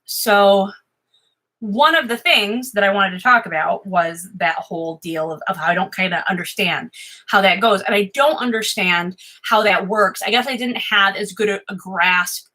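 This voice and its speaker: An American woman chatting at home in a rambling, self-interrupting way, admittedly high, swearing freely. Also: normal speed, bright, forceful tone, low-quality recording. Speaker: vlogger. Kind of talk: rambling casual livestream chat. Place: home office.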